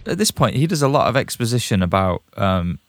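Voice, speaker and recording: A man co-hosting a podcast, chatting in an animated way and quick to laugh. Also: on the low side, heavy background noise. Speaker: podcast co-host. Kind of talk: casual chat.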